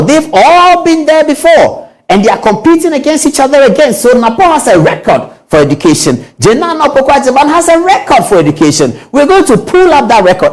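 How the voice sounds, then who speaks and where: A man's voice: sits high, rough recording. A Ghanaian man hosting a studio show, giving political commentary with a stream of rhetorical questions. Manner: lively, repetitive rhetorical questions. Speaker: host.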